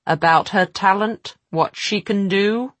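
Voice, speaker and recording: A woman's voice: mid-range voice, slow, no echo, pitched above the performer's own voice, lightly acted. A woman voicing a cold, menacing female villain in a storybook, silky and threatening.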